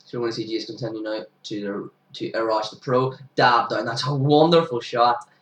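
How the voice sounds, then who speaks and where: A young man, sniffly with hay fever, giving casual commentary over his club's cricket highlights and bursting into excited shouts at big moments. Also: fairly quick. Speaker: amateur cricket commentator for his own club. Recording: roomy sound, distant from the mic.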